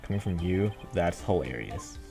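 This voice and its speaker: A man's voice: low voice, animated, normal speed, creaky, over music. A man voicing an earnest, flustered young defense lawyer in a video game dub, hesitant and indignant.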